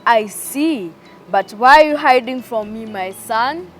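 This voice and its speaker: A calm, fatherly God, as a woman acts him out for a children's storybook, gentle and patient. The voice moves slowly with a lively pitch and faint music in the background.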